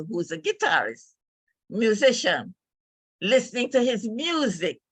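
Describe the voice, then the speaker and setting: An older woman tells a family story as a speech, speaking like a storyteller. Her voice is bright and forceful, and her delivery is emotional and halting. The recording is dry and close. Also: fairly high pitch, breathy edge, dry recording. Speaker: speaker at a club meeting.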